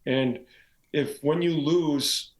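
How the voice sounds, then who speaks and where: A man with a slightly high voice tells animated stories in a casual podcast chat. He talks like a former athlete and coach, peppering his lines with "like" and "right?". The sound is echoey, as if from a bare room. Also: slow. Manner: animated storyteller, frequent "like" and "right?". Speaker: guest, former pro hockey player and coach.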